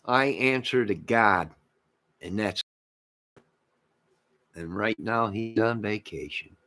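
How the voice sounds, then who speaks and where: On his own channel, this host goes on an emphatic, repetitive rant straight to camera, alternating between booming statements and quiet mutters. He speaks slowly in a fairly low voice.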